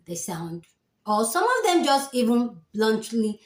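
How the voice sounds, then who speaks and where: A woman's voice: on the high side, measured pace. Nigerian woman commenting in an echoey room. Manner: calm, explanatory, thinking aloud. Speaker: reaction video host. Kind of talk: casual commentary.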